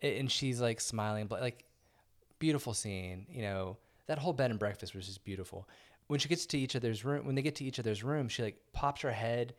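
A man's voice: medium pitch, fairly quick. A man co-hosting a podcast, joking and chatting casually in a movie review. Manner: joking, chatty, prone to asides. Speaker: podcast co-host.

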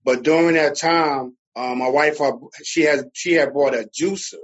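A man with a New Jersey accent, a podcast guest telling his story in a relaxed, casual way. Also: fairly high pitch, normal speed, slightly rough, highs cut off. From Newark, New Jersey. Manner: relaxed storyteller, fillers and laughs. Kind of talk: casual conversation.

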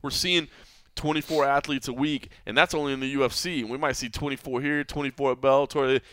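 A man's voice: medium pitch, fairly even intonation, quick pace, fairly bright tone, clean tone, no room sound. A man hosting a podcast about mixed martial arts, talking in an earnest, reflective way, often saying "man" and "you know". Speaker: podcast host. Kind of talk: casual podcast chat.

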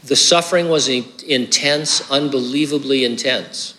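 A man's voice: medium pitch, normal speed, pushed and bright, big-room sound. A man preaching a sermon as pastor, earnest and conversational, with hiccups and casual asides.

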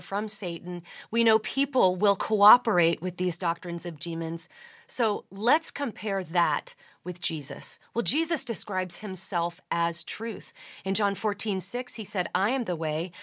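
A woman hosting a podcast, giving a measured teaching talk that quotes scripture at length. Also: mid-range voice, a bit bright. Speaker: podcast host.

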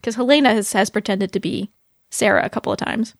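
A woman hosting a podcast, chatting casually about a TV episode, animated and laughing often. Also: quick pace, creaky, no room sound, studio quality. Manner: animated, laughs often, quotes scenes in a lowered voice. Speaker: podcast host. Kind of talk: casual TV recap chat.

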